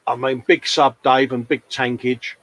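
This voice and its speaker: A man's voice: mid-range voice, level tone, a little slow, fairly bright tone, a little hiss or hum, poor audio. Friendly male host, easygoing chat, leans on "mate" and tag questions. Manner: chatty, matey, full of tag questions. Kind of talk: casual live-stream chat.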